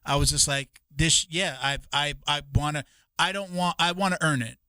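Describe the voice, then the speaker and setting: A man's voice: a little high, normal speed, bright, forceful tone, smooth, dry recording. A man co-hosting a podcast, talking casually and rambling, swearing and restarting his sentences often. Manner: rambling, profane, with many restarts.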